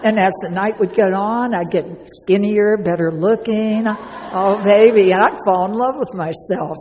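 A woman's voice: mid-range voice, a little slow, darkish tone, a little hiss or hum. A woman giving a chatty personal testimony to a live audience, laughing often and speaking to listeners directly. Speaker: speaker sharing a recovery story. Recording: long hall reverb.

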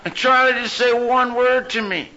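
A man's voice: extremely high pitch, moderate pace. A man giving an emphatic, humorous recovery testimony as a meeting speaker. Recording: dull lo-fi recording with faint noise.

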